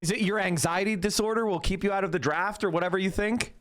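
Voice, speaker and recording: A man's voice: sits high, fairly even intonation, quick pace, a bit bright. A man streaming political talk to his chat, arguing in a blunt, profane and mocking way. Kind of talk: live-stream rant to chat.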